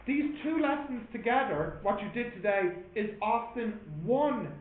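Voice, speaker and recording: Chatty Irish maths teacher, high voice. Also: male voice, lively intonation, measured pace, a little hiss or hum. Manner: chatty, joking, explains patiently. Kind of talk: classroom lesson. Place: classroom. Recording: echoey classroom on a tinny phone-like line.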